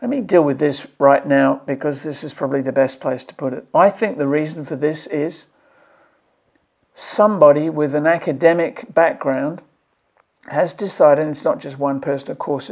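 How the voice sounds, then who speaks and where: A man's voice: fairly high pitch, normal speed, vocal fry, darkish tone. A man, a maths educator, giving an emphatic and exasperated review of a curriculum draft in a video. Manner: passionate, emphatic, exasperated pleading.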